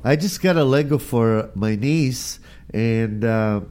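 A man's voice: medium pitch, slow. A man with a chesty cough, chatting casually as a co-host, telling stories with lots of "you know"s. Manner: chatty, animated storytelling with many "you know"s. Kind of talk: casual chat.

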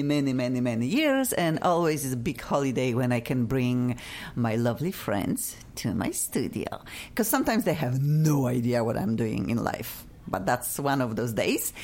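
Effusive radio host, low lively voice. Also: female voice. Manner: effusive, animated, playful. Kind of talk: casual radio chat. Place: radio studio.

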